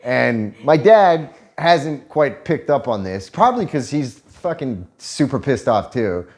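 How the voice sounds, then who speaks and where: A man's voice: medium pitch, sing-song, a little slow, darkish tone. A man telling a story in casual, profane chat, laughing often as he talks. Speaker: vlogger telling a story to his partner.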